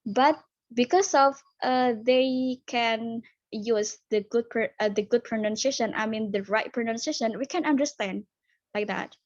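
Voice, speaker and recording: A woman's voice: on the high side, measured pace, dry recording. Hesitant woman on a muffled call. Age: 20s. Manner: hesitant, searching for words, many fillers. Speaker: guest speaker. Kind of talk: casual online discussion. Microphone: video call.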